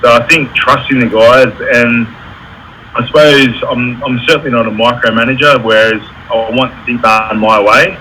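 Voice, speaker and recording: Candid tradesman with a bright voice. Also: medium pitch, steady tone, moderate pace, slight background noise, poor audio. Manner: candid, storytelling with reenacted quotes. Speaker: electrical contractor, guest. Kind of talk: casual interview talk.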